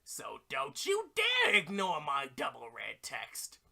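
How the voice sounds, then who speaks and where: A man voicing a cranky old male guardian who shouts and nags, on a game stream. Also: a little high, huge pitch swings, takes it slowly, creaky, exaggerated voice. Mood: scolding. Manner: shouting, scolding, nagging.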